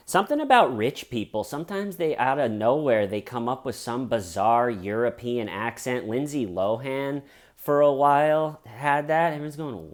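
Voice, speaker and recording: A man giving comedic true crime commentary in a sarcastic, jokey way. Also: mid-range voice.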